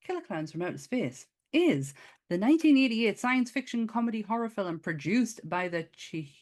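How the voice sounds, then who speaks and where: A woman's voice: on the high side, big pitch swings, moderate pace, darkish tone. A woman hosting a podcast in casual chat, chatty and laughing often. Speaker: podcast host.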